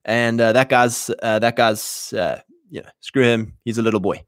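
A man talking straight to his listeners, punchy and animated, slipping into quick voices for the people he quotes. His voice sits at an ordinary male pitch and sounds close and dry, with no room echo. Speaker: host. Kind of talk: casual monologue to listeners.

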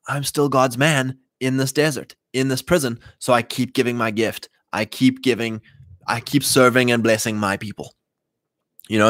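A man's voice: mid-range voice, a bit bright, no echo, clean studio sound. Emphatic, slangy man preaching to chat. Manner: emphatic, slangy, mimics imagined voices. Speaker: Christian livestream host. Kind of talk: casual preaching to a live chat.

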